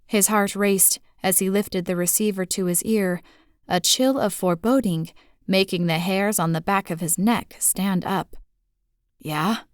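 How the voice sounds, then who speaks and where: A woman reads a romantic suspense novel as a human audiobook narrator, in a steady, even storytelling voice. The recording is dry and close, with no room sound at all. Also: mid-range voice, smooth, no room sound.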